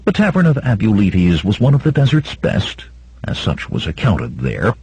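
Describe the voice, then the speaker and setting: Very husky-voiced male audiobook narrator. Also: fairly low pitch, huge pitch swings, normal speed, no echo, rough recording. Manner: dramatic, voices shouts of characters. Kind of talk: scripted narration.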